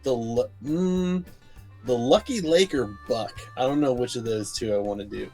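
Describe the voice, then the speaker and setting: A man's voice: medium pitch, normal speed, darkish tone, faint music behind. A man playing in a tabletop game, talking casually, swearing and thinking aloud about his choices. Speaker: player.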